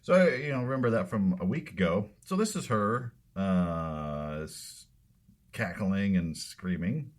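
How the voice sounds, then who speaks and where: Male podcast host, deep, sardonic, slow and halting. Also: animated. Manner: sarcastic, drawling, halting with fillers. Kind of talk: political commentary podcast.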